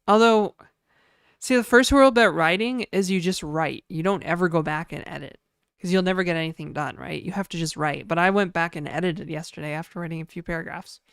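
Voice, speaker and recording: A young woman talks through a casual livestream, rambling and filling gaps with "like" while poking fun at herself. Her voice sits a little low and comes across smooth and clean. The sound is close and dry, with no room around it. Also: fairly quick, dry recording. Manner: rambling, self-deprecating, heavy use of "like". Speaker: streamer.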